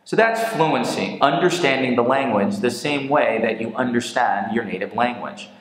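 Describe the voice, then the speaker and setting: A man's voice: mid-range voice, normal speed. A man who is a native English speaker, giving an English lesson in a patient way and asking and answering his own questions. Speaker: English teacher. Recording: very echoey room with long reverb.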